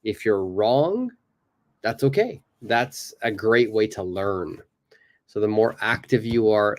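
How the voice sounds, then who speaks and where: Male teacher running a live lesson, relaxed and encouraging, slow delivery. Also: on the low side. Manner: relaxed, encouraging, lots of "uh" fillers. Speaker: English teacher.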